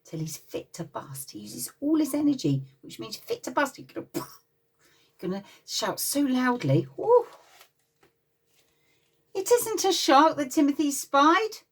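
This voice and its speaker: At playgroup, a woman with an English accent reads a picture book aloud to small children, her high voice picked up by a distant mic. She's lively and expressive, often pausing the storytime to chat with the kids and get them joining in.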